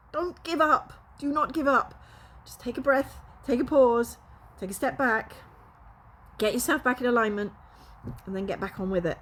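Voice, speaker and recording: Woman vlogger, fiery and emotional, high bright voice, swears and laughs a lot. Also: breathy edge. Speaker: spiritual coach and vlogger. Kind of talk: casual vlog talk to camera.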